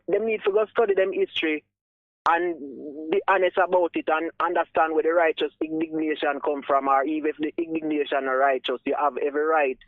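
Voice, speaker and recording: A man with a Jamaican accent calls in to a radio show, and his voice comes through a tinny phone line. He speaks earnestly and with emphasis, moving between patois and English in a slightly higher voice. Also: no echo. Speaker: caller. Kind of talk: casual talk radio call.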